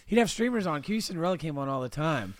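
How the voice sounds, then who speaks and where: A man's voice: on the high side, lively intonation, quick pace, no room sound. A man co-hosting a podcast, chatting casually with crude, gossipy banter. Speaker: podcast co-host. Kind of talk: casual chat.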